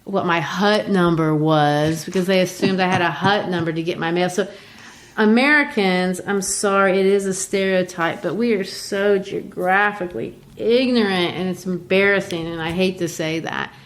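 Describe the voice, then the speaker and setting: A woman's voice: fairly low pitch, normal speed. A woman from Brazil hosting a podcast, explaining a play in a chatty, casual way with frequent restarts. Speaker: podcast host. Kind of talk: casual literature discussion.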